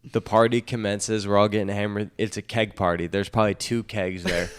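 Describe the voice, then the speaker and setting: A young man chatting casually on a podcast, an animated storyteller who swears often. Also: lowish voice, brisk, smooth. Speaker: guest's college friend.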